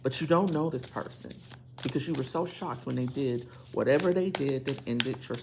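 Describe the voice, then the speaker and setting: A woman reads tarot for her viewers with a deep voice that has a gravelly edge. She preaches her points with emphasis and repeats key lines to make them stick. A faint hiss of noise sits under the recording. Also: normal speed. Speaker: tarot reader. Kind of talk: tarot reading monologue.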